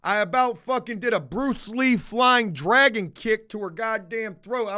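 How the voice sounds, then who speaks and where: A man's voice: sits high, animated, moderate pace, bright, forceful tone. A man hosting a casual livestream, answering chat in a blunt, rambling, heavily profane way. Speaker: livestream host reading chat.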